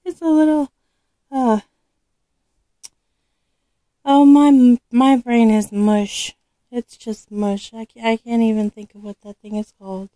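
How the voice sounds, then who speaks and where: A woman with a sore, recovering throat, chatting casually as she unboxes a doll, halting with frequent ums. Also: a little high, fairly even intonation, dark tone, no room sound, poor audio. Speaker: vlogger unboxing a reborn doll.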